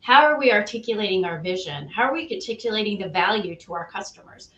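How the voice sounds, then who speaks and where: A woman talks through her leadership ideas in a relaxed interview, laying out points in neat sequences. Her delivery is articulate and emphatic. Her mid-pitched voice rings with the echo of the room she is in. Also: fast talker, dull audio. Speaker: guest, CEO and author. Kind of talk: conversational interview.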